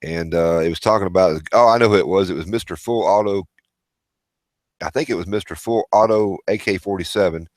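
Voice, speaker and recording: Low-voiced man rambling through a livestream. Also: brisk, no echo. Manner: rambling, reads out viewer chat and greets viewers by name. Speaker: livestream host. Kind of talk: casual livestream chat.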